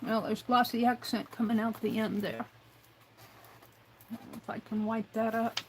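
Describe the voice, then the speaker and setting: A woman's voice: a little high, little pitch movement, a little hiss or hum, low-quality recording. A woman hosting a craft livestream, musing aloud as she works and now and then talking to herself in the third person. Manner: unhurried, musing aloud while working with hands. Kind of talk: casual craft demonstration.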